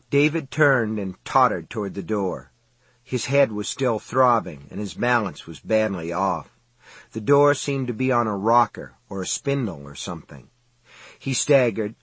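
A man reads a novel aloud in a measured, dramatic way. His voice is husky, and the recording is close and dry with no room sound. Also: fairly low pitch, dry recording. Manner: steady, measured, dramatic reading. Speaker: audiobook narrator. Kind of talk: scripted narration.

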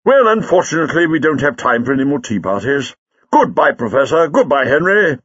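Brisk commanding time traveller man, as a male reader puts him on, husky voice, dull lo-fi sound. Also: fairly high pitch, very animated, a bit bright, big-room sound, pitched above the performer's own voice, full character voice. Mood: hurried. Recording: dull lo-fi recording.

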